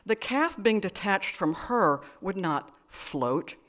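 A woman's voice: medium pitch, animated, slow, a bit bright. Woman author, live reading, dry and wry, hesitant asides. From United States. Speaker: author reading her work.

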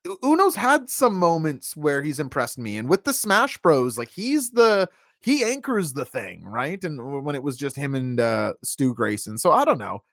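A man with a fairly high voice that swings up and down a lot, chatting about wrestling. He rambles and corrects himself mid-sentence. The recording is dry and close. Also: sing-song, moderate pace, fairly bright tone, no room sound. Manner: rambling, self-correcting, laughs often. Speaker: wrestling podcast co-host. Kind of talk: casual recap chat.

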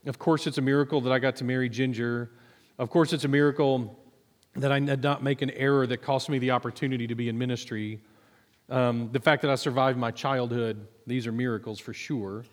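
Guy preaching, casual storytelling w lots of ums, echoey church hall. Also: medium pitch. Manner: conversational, self-deprecating storytelling with many fillers. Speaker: minister and psychologist. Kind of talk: sermon testimony.

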